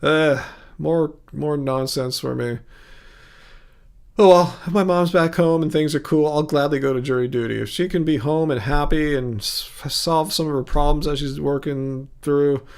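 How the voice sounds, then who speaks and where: A middle-aged man from California hosts a casual livestream, chatting back to viewers' comments in a loose, halting way. His voice sits a little high for a man, and he sounds worn out, trailing off and laughing between thoughts. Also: fairly even intonation, a little mellow, clear, resonant tone. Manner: rambling, halting, laughs often, reads comments aloud. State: mentally tired. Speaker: livestream host reading chat.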